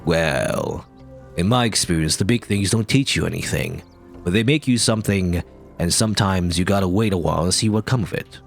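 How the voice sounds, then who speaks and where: A man voicing a weary, cryptic old male janitor in a video game, speaking slowly and quietly. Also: creaky, soft background music. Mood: calm. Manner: slow, low and quiet.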